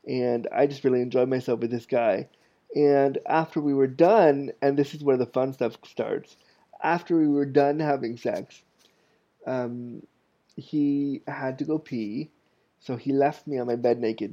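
A man's voice: medium pitch, dark tone, muffled recording. A man in his thirties hosting a podcast, telling candid, self-mocking stories in a casual, chatty way. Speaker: podcast host. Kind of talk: casual storytelling monologue.

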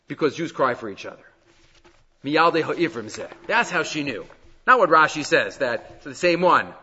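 A man's voice: on the high side, moderate pace, breathy edge, big-room sound, muffled recording. A man teaching a class on the weekly Torah portion, reading Hebrew verses aloud and then explaining them in English. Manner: animated, reads Hebrew verses then translates.

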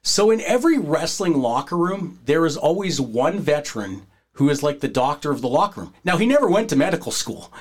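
A man hosting a podcast, telling a wrestling locker-room story in a casual, animated way and acting out the voices of the people in it. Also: on the high side, fairly quick. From Canada. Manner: animated, acts out quoted voices, breaks into laughter.

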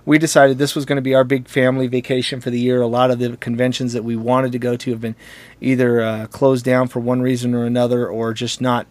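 A man's voice: mid-range voice, level tone, fast talker, a little mellow. A man telling stories in casual conversation, in a jokey, rambling way that often breaks into laughter at his own tales.

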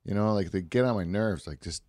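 A man with a somewhat low voice tells rambling, profane stories in a loose, casual way. He laughs often as he talks. The recording is close and dry, with no room sound. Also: a little fast, darkish tone, no room sound. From Canada. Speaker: podcast co-host. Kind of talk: casual chat.

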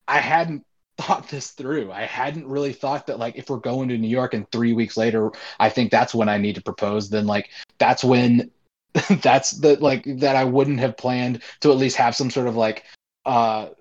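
A man's voice: medium pitch, highs cut off. A man in his twenties telling a long personal story in casual talk, rambling with many fillers.

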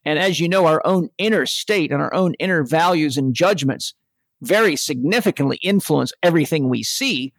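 Gravelly man, earnest spiritual talk. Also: on the high side, normal speed, no room sound. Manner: earnest, reflective, quotes sayings. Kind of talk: spiritual podcast conversation.

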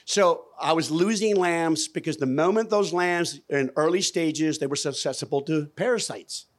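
A man with a slightly higher-than-average voice speaks from a conference stage into a microphone. He talks in a folksy, emphatic way and keeps putting questions to the audience. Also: normal speed. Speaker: conference speaker on regenerative farming. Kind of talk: lively stage presentation.

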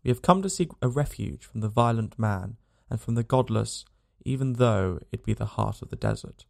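A man's voice: fairly low pitch, animated, normal speed, vocal fry. A man voicing a stern, devout young male pilgrim who speaks formally and solemnly.

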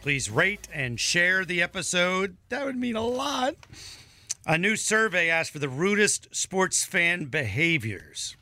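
Man, podcast co-host, casual chat, acts out quotes, bright, dry sound. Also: high voice, big pitch swings, takes it slowly, dry recording, soft background music. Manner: chatty, acts out quoted voices.

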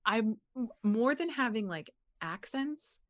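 A young American woman from Pennsylvania, a voice actor chatting as an interview guest, animated and quick to laugh. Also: on the high side. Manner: animated, laughs often, frequent "like" fillers. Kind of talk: casual interview chat.

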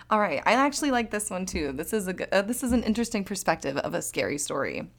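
A woman's voice: mid-range voice, sing-song, normal speed, gravelly, faint music behind. A woman hosting a solo podcast in casual chat, rambling and giggling often, with self-deprecating humor. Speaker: podcast host.

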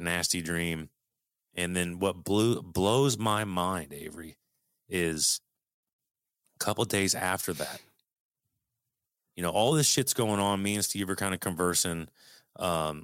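Deep-voiced middle-aged man telling a story. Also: a bit bright, clean tone, no room sound, studio quality. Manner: earnest, swears freely, frequent restarts. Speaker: guest telling a personal story. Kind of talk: casual storytelling.

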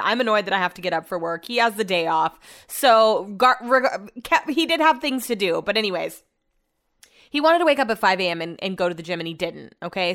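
A young woman talks straight to her viewers, chatty and exasperated as she tells her stories. She swears now and then, and her pitch sits right in the middle. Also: fairly bright tone. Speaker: vlogger and radio host. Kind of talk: casual storytelling vlog.

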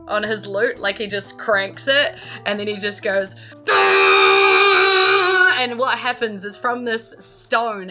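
A woman game master who narrates a tabletop game scene in a chatty, descriptive way. Her voice is bright and clear, with faint background music. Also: medium pitch. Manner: chatty, descriptive with many fillers.

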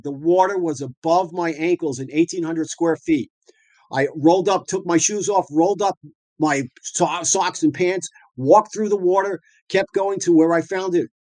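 A middle-aged man from the northeastern US talks as a dentist guest, telling stories in a loose, colloquial way full of fillers and restarts. His voice sits a little high for a man and sounds close and dry, with no room echo. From northeastern United States. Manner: lively storyteller, colloquial, frequent fillers and restarts. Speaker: dentist and practice owner guest. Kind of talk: anecdotal storytelling talk.

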